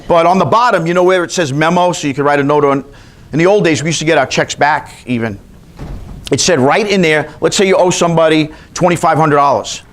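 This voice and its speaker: A man from New York teaching a continuing education class, telling chatty stories and quizzing his audience. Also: on the high side. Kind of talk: storytelling lecture to a class.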